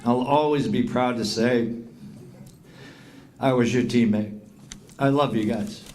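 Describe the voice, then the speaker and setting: A man's voice: mid-range voice, fairly even intonation, slow pace, a little mellow. A middle-aged man giving a heartfelt acceptance speech at a hall of fame induction, thanking people and reading out long lists of names. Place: induction banquet.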